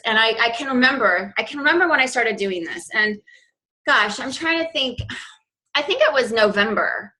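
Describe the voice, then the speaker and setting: A woman's voice: medium pitch, sharp tone, poor audio. A woman coach giving a chatty, informal training talk to her team, with plenty of fillers and restarts. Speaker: fitness business coach.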